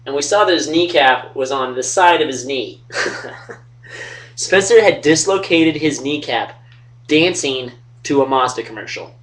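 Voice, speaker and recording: A man's voice: mid-range voice, lively intonation, measured pace, fairly bright tone. A young man running a fantasy football league, talking loosely into a webcam at home, joking and swearing. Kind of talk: casual webcam trash talk and storytelling. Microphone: webcam mic. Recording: distant from the webcam mic.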